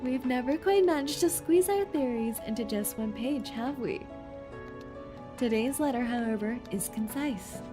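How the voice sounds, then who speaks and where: A woman's voice: a little high, measured pace, music in the background. A woman streamer chatting playfully and reading game text aloud during a gameplay stream. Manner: playful and giggly, jokes around.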